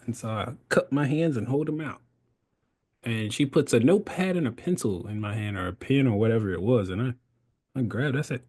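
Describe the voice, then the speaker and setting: A man's voice: medium pitch, sing-song, brisk, long pauses, a little mellow, husky. A man in his thirties, a podcast guest, telling his story in casual conversation, laughing often and acting out the voices he quotes.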